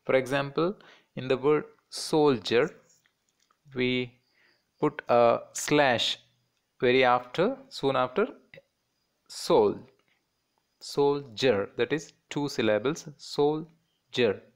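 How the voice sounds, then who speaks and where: A man's voice: mid-range voice, slow, smooth. A man teaching a children's class in Indian English, patiently repeating words and breaking them into syllables.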